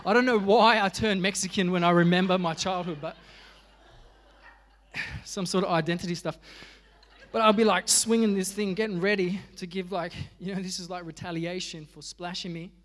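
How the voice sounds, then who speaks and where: A man's voice: high-pitched, steady tone, moderate pace, fairly bright tone, long reverb tail. An Australian man preaching a sermon as pastor, telling stories with humor and animation. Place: church.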